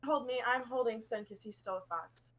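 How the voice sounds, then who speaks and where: A woman talking casually as a player in a tabletop role-playing game, halting and emotional. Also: on the high side, fairly bright tone.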